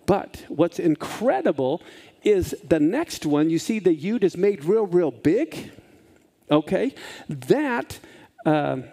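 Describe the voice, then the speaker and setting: A man with a mellow, gravelly voice teaches a Bible lesson on a Hebrew letter. He talks in a reflective way and keeps asking his listeners "okay?" as he goes. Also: high-pitched, big pitch swings, slow pace.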